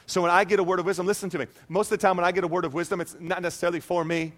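A man preaching a sermon as pastor, animated and conversational, often checking in with "okay?". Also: high-pitched, rapid-fire.

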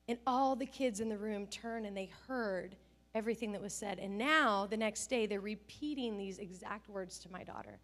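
Preaching a sermon, this middle-aged female pastor keeps her pitch medium and her pace moderate. Her storytelling is animated, and she performs each quote as if playing the part.

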